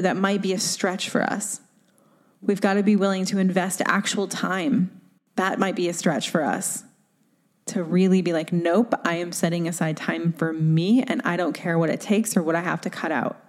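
A woman's voice: fairly low pitch, a little mellow. A woman coach talking on her own in a casual, candid way, full of "like" and "right?". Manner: casual, candid, full of fillers and tag questions. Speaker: podcast host and coach. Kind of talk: solo motivational talk.

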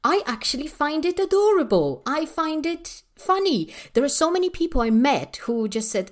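Animated Polish-accented woman ranting. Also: a little high, normal speed. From Poland. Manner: passionate, emphatic, rhetorical questions. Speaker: English teacher trainer. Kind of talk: solo podcast rant.

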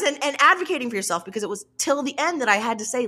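A woman author, a guest on a podcast, telling stories in a casual, animated, sweary way and laughing often. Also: sits high, very fast, hardly any pauses, slightly rough. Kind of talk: casual interview chat.

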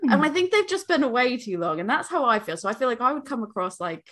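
A young American woman co-hosts a casual beer podcast. Her voice sits high and swoops around a lot. She talks in an animated way, laughing often and cursing freely. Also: quick pace. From New England, US. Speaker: podcast co-host. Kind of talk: casual chat.

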